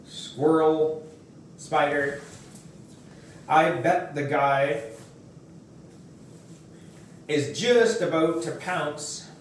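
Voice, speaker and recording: Man reading a kids book aloud, slow and steady, super echoey room, mic far off. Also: mid-range voice, slight background noise. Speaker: reader. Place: room at home.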